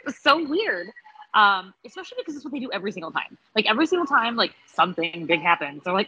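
Husky bright-toned woman, sarcastic. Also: medium pitch, fast, dry recording, muffled recording. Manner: sarcastic, animated, laughs often, acts out quotes. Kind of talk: casual TV episode review chat.

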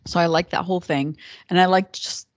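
A woman's voice: fairly low pitch, fairly even intonation, a little fast, no room sound. A woman chatting casually about a TV episode, enthusiastic, laughing often. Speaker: podcast co-host. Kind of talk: casual TV recap chat.

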